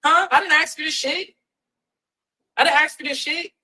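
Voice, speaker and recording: A young woman rants into her phone on a livestream, defiant and swearing freely. Her voice sits high and sounds bright and forceful. She keeps circling back to the same blunt phrases. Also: moderate pace, low-quality recording. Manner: defiant, profane, repeats "straight up". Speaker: reality TV personality on a livestream. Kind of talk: ranting livestream.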